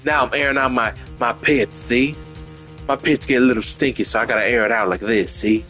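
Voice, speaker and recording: A man's voice: medium pitch, steady tone, a little fast, sharp tone, faint music behind, close to an everyday voice. A man voicing a smug, boastful male suspect with a put-on American Southern accent in a courtroom game.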